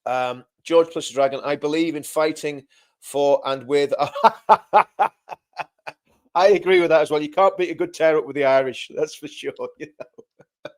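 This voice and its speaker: A livestream co-host with a slightly high voice chats casually at a measured pace, leaving long pauses. He's talkative, repeats himself, and breaks into laughter often.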